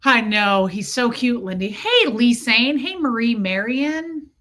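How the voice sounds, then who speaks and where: A woman hosting a casual livestream, chatty and joking, who greets her viewers by name; her voice is slightly hoarse. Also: fairly high pitch, big pitch swings, a little slow, a bit bright. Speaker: livestream host.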